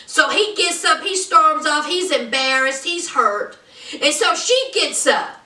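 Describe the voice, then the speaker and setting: A woman talks through a reality show recap in a high, bright voice that swings all over as she acts out quotes. She takes her time with each point, and she sounds a little away from the mic in a roomy space. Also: a little slow, distant mic. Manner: animated, gossipy, acts out quotes. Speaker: reality TV reviewer. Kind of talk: casual recap commentary.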